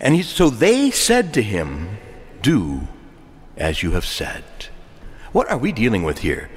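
Man, preacher, sermon, lively pitch, rhetorical questions, echoing hall. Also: takes it slowly. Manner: animated, rhetorical questions, jokey asides. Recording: long echo of a large hall.

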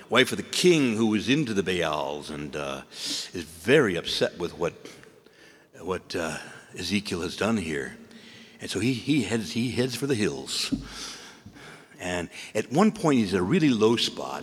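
A priest giving an animated, storytelling sermon in a church, acting out the figures he describes. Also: low-pitched, unhurried, slightly rough. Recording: long church reverb.

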